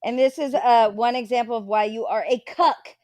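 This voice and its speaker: A woman's voice: on the high side, steady tone, moderate pace, darkish tone, no echo, studio quality. A woman hosting a live panel stream, chatting casually in a blunt, mocking, profane way. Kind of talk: casual chat.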